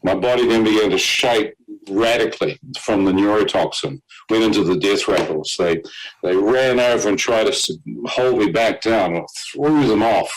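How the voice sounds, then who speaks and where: A man with a fairly low voice recounts his own dramatic testimony as a guest. He tells it vividly, using fillers like "um" and breaking into short laughs now and then. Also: moderate pace, low-quality recording. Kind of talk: personal testimony storytelling.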